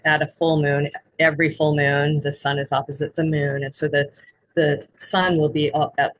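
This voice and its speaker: A woman's voice: low voice, breathy edge, low-quality recording. A woman who works as an intuitive guide, explaining spiritual astrology in an earnest way.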